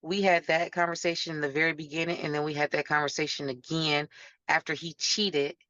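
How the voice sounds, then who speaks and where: A woman's voice: low-pitched, level tone, fairly quick, fairly bright tone, dry recording. A woman guest talking candidly and bluntly in an interview. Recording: dull lo-fi sound.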